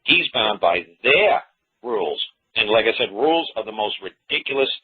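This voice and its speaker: A man talks law in a loose, folksy way, circling back to repeat his points and acting out little exchanges. His voice is a bit husky. The sound is thin and tinny, like a phone line. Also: fairly low pitch, sing-song, moderate pace. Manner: folksy, repetitive, acts out quoted exchanges. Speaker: common law lecturer. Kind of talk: casual teaching talk.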